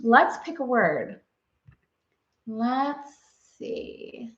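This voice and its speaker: A woman's voice: a little high, very animated, drawn-out words. A woman hosting a casual live stream, gushing and bubbly, laughing often as she chats with viewers. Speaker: host. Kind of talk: casual livestream chat. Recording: roomy, dull lo-fi sound.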